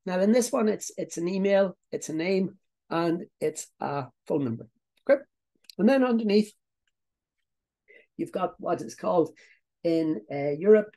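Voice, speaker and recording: Irish male business coach, gravelly and husky, repeats himself and checks in with "okay?". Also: on the high side, warm tone. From Ireland. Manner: repetitive, tags points with "okay?" and "uh, there" fillers. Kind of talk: online training webinar.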